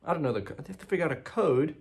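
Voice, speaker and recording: A man's voice: fairly high pitch, animated, rapid-fire. A young man hosting a gaming channel, chatting casually through his gameplay with lots of ums and frequent swearing.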